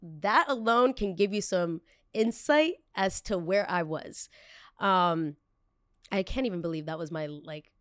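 A young woman hosting a podcast, telling a personal story in an emphatic, animated way and acting out the quoted lines. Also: fairly low pitch, unhurried, clear, resonant tone, no echo, studio quality. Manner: blunt, self-aware. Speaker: podcast host.

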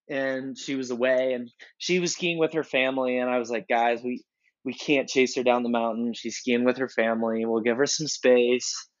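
Casual male podcast co-host, mid-pitched, chatty and rambling, slightly dull recording. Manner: rambling storyteller, frequent restarts. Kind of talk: casual chat.

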